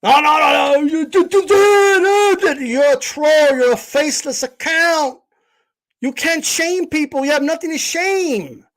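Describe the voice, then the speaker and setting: A man's voice: very high-pitched, a little slow, fairly bright tone, pitched above the performer's own voice. A man putting on a whiny, stammering, indignant voice as a mocking caricature of an online troll. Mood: mocking whine.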